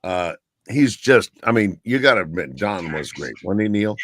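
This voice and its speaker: A man's voice: fairly low pitch, expressive, normal speed, noisy background. A man on a radio-style chat show, telling rambling anecdotes and often looping back with "so anyway". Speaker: guest radio personality.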